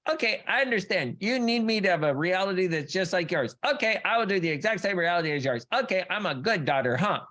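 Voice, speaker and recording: Man putting on a high-voiced little daughter, sweet, pleading, childlike, eager to please. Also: animated, quick pace, hardly any pauses, sharp tone. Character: small daughter eager to please her mother.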